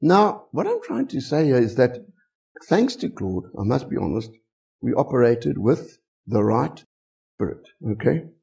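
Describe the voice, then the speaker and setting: A middle-aged man, a pastor with a South African English accent, preaches unhurriedly, weaving lively stories and many rhetorical questions. His mid-range voice has vocal fry and a breathy edge.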